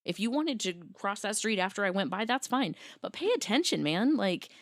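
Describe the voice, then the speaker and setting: A woman's voice: medium pitch, very animated, normal speed, dry recording, clean studio sound. A woman co-hosting a podcast, telling a story in a casual, exasperated and profane way. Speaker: podcast co-host. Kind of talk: casual chat.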